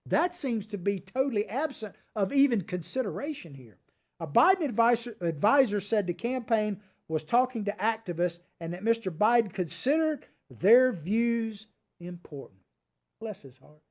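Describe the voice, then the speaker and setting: A man hosting his own political commentary show, combative and sarcastic, swinging between loud outbursts and quiet asides. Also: sits high, lively intonation, normal speed. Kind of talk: opinion commentary monologue.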